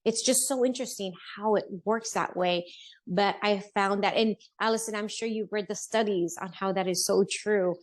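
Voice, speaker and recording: A woman's voice: medium pitch, steady tone, moderate pace. A middle-aged woman on a podcast as a guest, telling her own story in an earnest, heartfelt way and acting out what people said to her. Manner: earnest, heartfelt, acts out quoted speech. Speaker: podcast guest, business owner. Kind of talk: personal storytelling interview.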